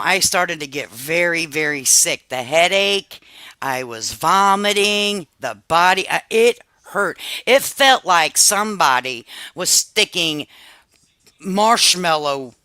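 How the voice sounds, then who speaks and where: A woman in her fifties talking loosely to her live-stream viewers, animated and confiding, with salty language sprinkled throughout. Her voice has a bright, forceful edge. The sound is close and dry, with no room around it. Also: lowish voice, no room sound. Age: 50s. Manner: animated, swears freely, confides to chat. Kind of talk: casual live-stream chat.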